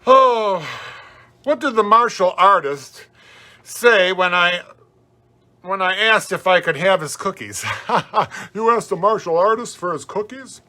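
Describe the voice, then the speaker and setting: A man's voice: high voice, takes it slowly, bright, forceful tone, full character voice. A man playing a happy hobo clown as guest host of a family comedy show, rambling folksy stories and corny jokes. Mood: jolly. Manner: rambling, folksy, jokey, chuckling.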